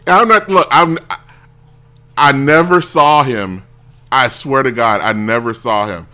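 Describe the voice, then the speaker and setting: Male talk show host, bright edge, rambles and restarts while telling stories. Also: mid-range voice, a little slow. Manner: rambling, self-interrupting, acts out quoted voices. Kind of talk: casual storytelling on a talk show.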